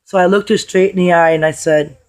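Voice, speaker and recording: A woman with a hoarse, worn voice tells a story to her camera in a loose, chatty way. She is blunt and swears casually as she talks. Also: fairly low pitch, fairly even intonation, fairly quick, darkish tone. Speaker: vlogger.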